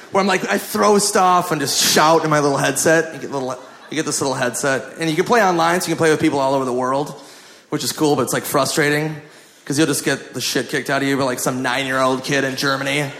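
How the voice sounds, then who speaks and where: A man's voice: mid-range voice, steady tone, brisk, a bit bright, echoey room, a little hiss or hum. A male stand-up comedian telling a story on stage in a rambling, profane way, full of "like", recorded live with a laughing crowd.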